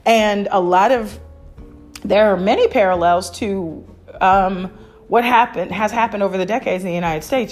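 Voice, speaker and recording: A woman's voice: mid-range voice, normal speed, soft background music. A woman hosting a podcast in casual chat, candid and opinionated, with frequent fillers and restarts. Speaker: podcast host.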